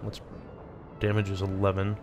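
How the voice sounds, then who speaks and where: A man's voice: deep voice, monotone, moderate pace, noisy background. A man hosting a let's play, thinking aloud and reading game text as he plays. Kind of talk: casual gameplay commentary.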